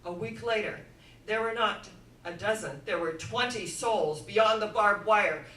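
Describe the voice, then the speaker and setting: A woman giving an inspirational sermon-style talk, telling stories dramatically and swinging from hushed to loud. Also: mid-range voice, a little slow. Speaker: inspirational speaker. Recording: echoey room, voice from far off.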